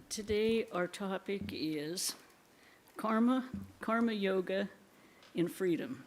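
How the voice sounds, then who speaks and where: A woman giving a spiritual talk in a temple, telling stories gently, with soft laughs and quiet asides. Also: lowish voice, vocal fry. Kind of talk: sermon.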